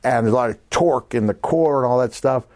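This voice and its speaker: A middle-aged man telling stories with real animation, his voice sitting at an ordinary middle pitch. He talks like a podcast guest among friends and keeps calling the host brother. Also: fairly quick. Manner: lively anecdotes, calls the host brother. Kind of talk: animated storytelling.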